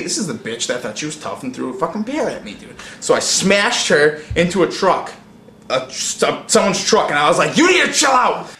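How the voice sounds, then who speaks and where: A man in a casual interview, telling a story in an excitable, profane way and saying "dude" constantly. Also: fairly high pitch, slight background noise. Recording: echoey room.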